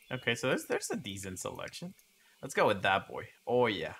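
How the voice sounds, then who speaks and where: A man's voice: mid-range voice, sing-song, normal speed, a bit bright, a little hiss or hum. A man giving casual gameplay commentary and reading game text aloud with chatty asides. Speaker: gaming video creator.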